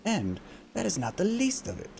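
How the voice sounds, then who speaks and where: A man putting on a proud old fish-man advisor for a video game, pitched well above a very deep voice, with a gravelly edge. He scolds indignantly, swinging his pitch widely, with steady noise behind him. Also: normal speed, heavily acted.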